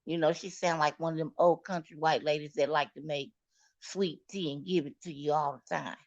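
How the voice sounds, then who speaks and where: A woman's voice: low voice, moderate pace, no room sound, lo-fi sound. A woman recounting a personal story to viewers in a candid, dramatic way, cursing freely. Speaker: storyteller vlogger.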